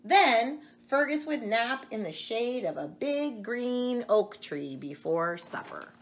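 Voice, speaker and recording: A middle-aged woman reading a children's picture book aloud, expressive, pausing to chat with young listeners. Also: a little high. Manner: expressive, slow, chats to the listener between pages. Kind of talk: read-aloud storytelling for children.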